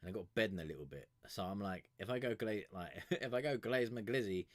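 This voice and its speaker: A young man reviewing music on a live stream chats casually with viewers, rambling, swearing freely and chuckling between thoughts. His lowish voice is animated and a little fast, with no echo.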